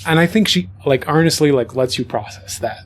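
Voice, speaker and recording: A man's voice: a little high, a little fast. A young adult man narrating as game master, in a rambling way full of fillers.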